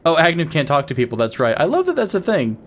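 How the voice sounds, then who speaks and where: A man's voice: fairly high pitch, wildly swooping pitch, fast talker, slight background noise. Giggly man narrating his game. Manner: playful, laughs often, wheezing giggles. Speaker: gaming channel host. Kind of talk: casual game commentary.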